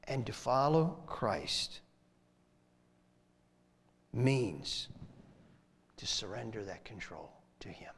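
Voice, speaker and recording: A male pastor preaching a sermon, swinging from emphatic lines to soft, near-whispered ones. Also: fairly high pitch, long reverb tail.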